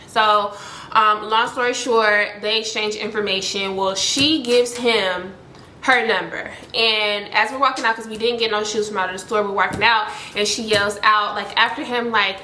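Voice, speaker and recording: A young woman telling a story in a casual vlog, animated and full of "like". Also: moderate pace, echoey room, slight background noise. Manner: animated, heavy use of "like", voices other people with high pitch jumps. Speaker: storytime vlogger.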